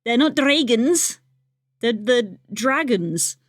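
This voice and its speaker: A woman's voice: fairly high pitch, expressive, slow, no echo. Chatty woman streamer, dry close sound. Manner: rambling, chatty, laughs often. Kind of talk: casual chat while drawing on stream.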